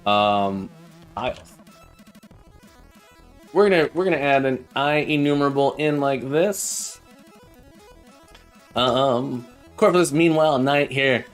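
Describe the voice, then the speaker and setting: A man streaming live code, thinking aloud in a halting way with many fillers and restarts, and chatting in a friendly way with his viewers. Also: medium pitch, expressive, faint music behind.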